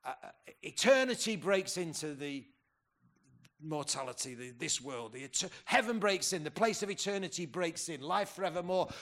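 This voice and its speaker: A man's voice: on the high side, lively intonation, normal speed, fairly bright tone. A man in his fifties preaching a conference sermon, rousing and quizzing the crowd, often restarting his sentences. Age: 50s. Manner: rousing, asks the crowd questions, stumbles and restarts.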